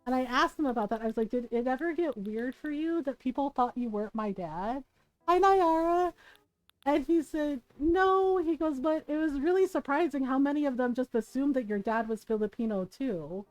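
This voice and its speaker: A woman streamer from the United States telling a family story in casual, animated chat while she plays, laughing often and checking in with "right?". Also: high voice, normal speed, dry recording, poor audio. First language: bilingual in Tagalog.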